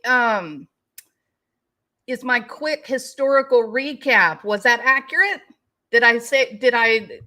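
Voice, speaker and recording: A woman's voice: medium pitch, bright, forceful tone. A middle-aged woman hosting a casual livestream, chatting with her viewers and talking to her dogs. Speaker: YouTube news commentary host.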